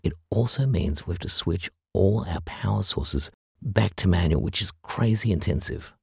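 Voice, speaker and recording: Urgent panting young guy, hushed and secretive, read by a man, very deep and gravelly. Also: expressive, no room sound, clean studio sound, heavily acted. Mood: whispered. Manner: hurried, breathless, whispering at times.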